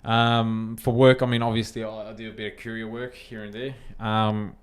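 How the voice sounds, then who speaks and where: A man's voice: fairly low pitch, normal speed, clean tone. A young Australian man on a casual podcast, telling a story with lots of swearing and acted-out quotes. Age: young adult. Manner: animated, swears freely, acts out quotes. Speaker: podcast co-host.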